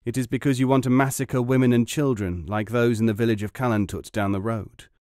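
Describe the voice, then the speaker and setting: A cold resistance leader, voiced by a male narrator, who speaks slowly and deliberately with quiet menace. The voice sits mid-range, close and dry. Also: mid-range voice, fairly even intonation, no echo, lightly acted. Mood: menacing.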